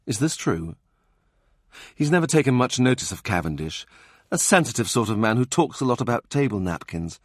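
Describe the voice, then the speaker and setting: A man narrating a historical novel as an audiobook, expressive and measured. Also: mid-range voice, no room sound, studio quality.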